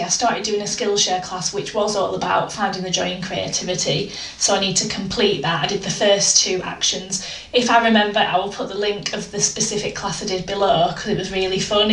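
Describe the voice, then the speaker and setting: A woman's voice: medium pitch, a bit bright. A woman chatting candidly and self-deprecatingly in a casual art vlog from her home art room. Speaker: art vlogger. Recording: roomy, distant home mic with faint noise.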